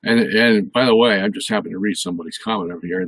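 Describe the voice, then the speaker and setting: A man's voice: sits low, steady tone, fast, few pauses, a bit bright, rough recording. An older man hosting a live question show, talking casually and rambling with many fillers and restarts. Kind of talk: casual live-stream talk.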